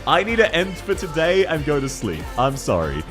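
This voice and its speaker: Soft music plays behind a young Australian VTuber as he games and chats with viewers in a playful, teasing, easily amused way. His voice runs on the high side, fairly bright, with huge swings in pitch.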